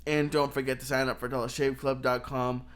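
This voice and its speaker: A man's voice: mid-range voice, flat delivery, fairly quick, fairly bright tone. A man co-hosting a podcast, chatting casually, laughing easily and plugging shows and sponsors. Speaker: podcast co-host.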